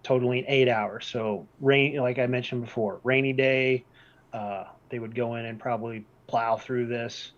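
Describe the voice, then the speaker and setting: A man presenting a document overview in a measured way, repeating his key points for emphasis. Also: mid-range voice, fairly even intonation, highs cut off. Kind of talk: reading-based presentation.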